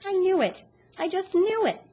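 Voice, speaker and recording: A woman reading aloud, voicing a loud, mocking woman who giggles and taunts. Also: a little high, big pitch swings, normal speed, slightly rough, lo-fi sound, voice pushed up. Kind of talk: read-aloud storytelling.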